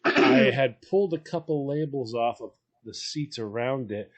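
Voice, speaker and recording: A man's voice: medium pitch, unhurried. A man hosting a podcast, telling a funny story in a casual way, acting out what people said and laughing as he talks. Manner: animated, acts out quoted voices, laughs while telling. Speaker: podcast host.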